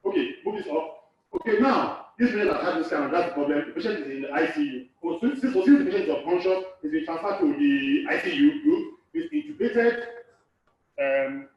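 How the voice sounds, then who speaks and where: A man's voice: fairly high pitch, very animated, a little fast. A man from Nigeria giving a live lecture to a hall audience, repeating key phrases and asking the room questions. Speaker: course lecturer. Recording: echoey hall, far off, dull.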